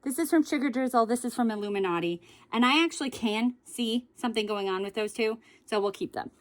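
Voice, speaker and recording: A woman with a slightly high voice talks casually through a makeup declutter. She rambles and often corrects herself mid-sentence. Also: a little fast. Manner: chatty, rambling, self-correcting. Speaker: beauty vlogger.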